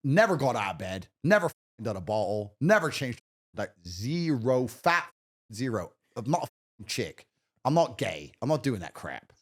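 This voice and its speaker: A man's voice: mid-range voice, sing-song, normal speed. A man talking as a podcast guest in a casual chat, brash and profane, telling stories with swagger.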